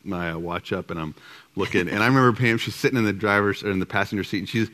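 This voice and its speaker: A man's voice: fairly low pitch, quick pace, sharp tone. A middle-aged man teaching a group about marriage alongside his wife, talking casually and self-deprecatingly with many fillers and restarts. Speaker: husband co-presenting with his wife.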